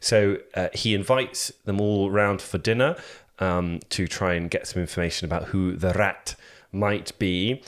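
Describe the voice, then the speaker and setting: A man's voice: low-pitched, fairly even intonation, unhurried. A man hosting a podcast, rambling casually with lots of fillers and restarts. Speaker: podcast host. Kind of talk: casual chat.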